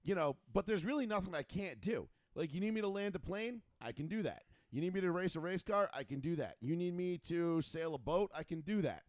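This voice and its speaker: A man's voice: sits high, lively intonation, brisk, hardly any pauses, no echo. A man hosting a casual talk show, bantering in a brash, joking, boastful way. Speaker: podcast host. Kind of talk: casual chat.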